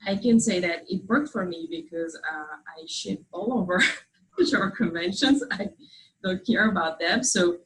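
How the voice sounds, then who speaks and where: A woman's voice: medium pitch, low-quality recording. A French woman, a native French speaker with a strong French accent, giving a hesitant but wry talk to an audience as an author. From France. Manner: hesitant, many pauses, wry humor. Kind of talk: informal speech to an audience. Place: event hall with live audience.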